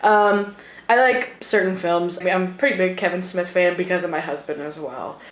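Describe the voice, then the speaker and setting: A woman's voice: fairly low pitch, a little fast. A woman in her thirties co-hosting a casual podcast, chatty and laughing, with lots of swearing. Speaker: podcast co-host. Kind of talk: casual chat. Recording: echoey room with faint noise.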